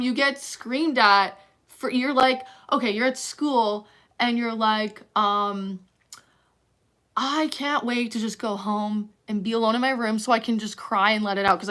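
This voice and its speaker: A young woman rambling through a personal vlog, halting with many fillers and restarts and turning heated as she goes. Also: mid-range voice, sharp tone. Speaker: vlogger.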